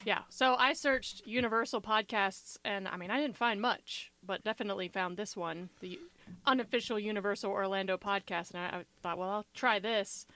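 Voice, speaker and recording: A woman's voice: medium pitch, normal speed, bright, forceful tone, dry recording. A woman co-hosting a family podcast, telling a story in friendly, casual chat. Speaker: podcast co-host.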